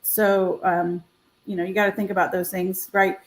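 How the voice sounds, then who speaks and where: A realtor co-hosting a live stream on a video call tells a casual story, animated and acting out quoted voices. Her voice is mid-range and her pace moderate, though the audio is poor.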